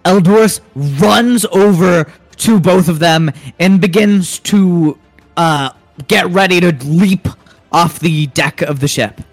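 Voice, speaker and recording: A man narrating a tabletop game as game master, unhurried and hesitant with fillers. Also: sits high, vocal fry, no echo, faint music behind.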